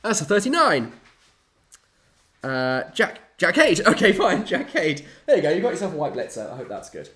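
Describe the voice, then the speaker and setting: A man's voice: a little high, wildly swooping pitch, moderate pace, fairly bright tone. A young man chats his way through a live stream, his voice swinging up and down a lot. He talks in a light, slightly raised register, playfully dramatic and chatty throughout. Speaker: hobby streamer. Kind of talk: casual live-stream chat.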